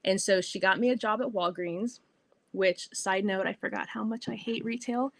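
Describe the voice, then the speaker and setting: A bubbly, middle-aged woman hosting a podcast, telling a personal story in a casual, animated way. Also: mid-range voice, normal speed, vocal fry, no echo. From California. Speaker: podcast host.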